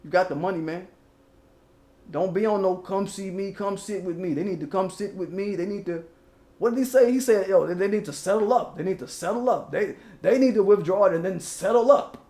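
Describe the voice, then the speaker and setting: A man's voice: sits high, brisk, warm tone, echoey room. A man hosting his own channel, giving loose, profane casual commentary and rapping old lyrics along the way. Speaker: channel host.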